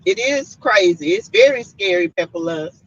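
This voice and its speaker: Fairly low in pitch and expressive at normal speed, this livestream host is a Southern US woman chatting casually, her asides to viewers full of "y'all" and "mm-mm." The stream audio sounds slightly muffled and lo-fi.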